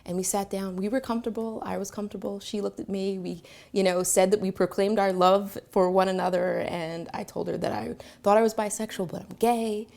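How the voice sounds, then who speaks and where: A woman telling a personal story to camera, reflective, pausing often on fillers. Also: medium pitch, fairly even intonation, gravelly, a little mellow. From Philadelphia, Pennsylvania. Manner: reflective, with frequent filler pauses.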